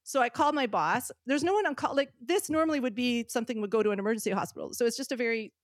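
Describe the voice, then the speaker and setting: A woman in her fifties, a podcast guest, telling a story in casual chat. She talks in an animated way, laughs often and acts out what people said. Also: fairly high pitch, rapid-fire, no echo, studio quality. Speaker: podcast guest, veterinary surgeon.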